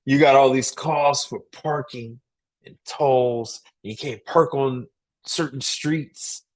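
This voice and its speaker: With a medium-pitched voice, a man gives forceful business advice on a relaxed livestream, circling back over the same points and tossing in "right?" again and again.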